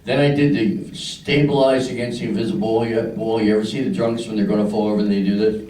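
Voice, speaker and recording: An older Philadelphia man performs a crude stand-up set on a club stage, voicing the characters in his stories. His voice sits on the low side, warm and fairly even in intonation, and he talks quickly. The recording is low quality, reverberant and distant-miked, with slight background noise.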